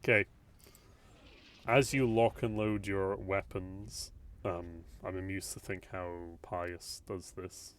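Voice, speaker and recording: Slow, laid-back male game master. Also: sits low. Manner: laughs often, relaxed and slow. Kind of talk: narrating a tabletop game over voice chat.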